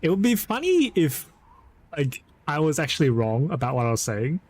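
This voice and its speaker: A man's voice: on the high side, big pitch swings, normal speed, a little mellow. A young man streaming, reading a visual novel's narration aloud and chuckling through his own asides. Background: game music.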